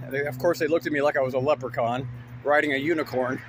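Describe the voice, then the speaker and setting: A man's voice: mid-range voice, fairly even intonation, fast talker, over music. A man telling a personal story as a comic monologue, wry and self-mocking with jokey asides.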